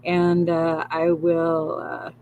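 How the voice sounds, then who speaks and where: A woman hosting a live spiritual talk, repeating gentle affirmations and swearing now and then. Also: low voice, completely flat delivery, drawn-out words, muffled recording, slight background noise. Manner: soothing, repetitive affirmations with swearing and laughter. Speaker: spiritual livestream host.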